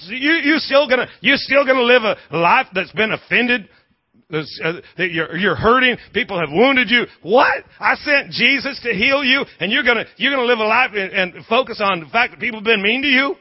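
A male preacher with a high, somewhat husky voice delivers a sermon in an emphatic call-and-response style and hammers his phrases through repetition. The recording sounds dull and lo-fi. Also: lively intonation, normal speed. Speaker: pastor.

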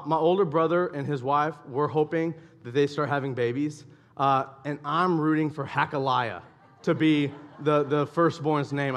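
Young male pastor, fairly high voice, relaxed conversational sermon delivery with emphatic repetition. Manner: conversational preaching with repetition and dramatic pauses.

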